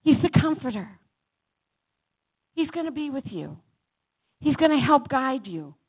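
A woman preacher delivering a sermon in a church chapel, swinging between loud exhortation and soft asides and calling on the congregation to answer. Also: sits high, very animated, unhurried. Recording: tinny phone-like sound.

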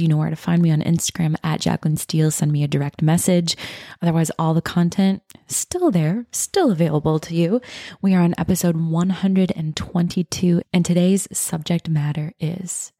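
A woman in her thirties hosting a self-help podcast, talking in an earnest, gushing way and dropping into soft, breathy passages. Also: on the low side, no room sound, clean studio sound. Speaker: podcast host.

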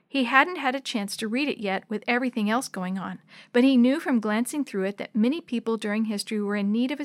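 Expressive woman reading a children's story. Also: a little high, no echo, clean studio sound. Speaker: narrator. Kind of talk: scripted narration of a children's book.

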